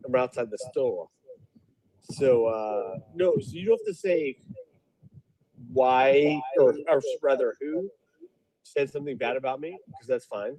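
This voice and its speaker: A man's voice: mid-range voice, measured pace, vocal fry, long pauses, a little hiss or hum, rough recording. A man who is a guest on a live stream, chatting casually in a rambling way. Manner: rambling, lively delivery.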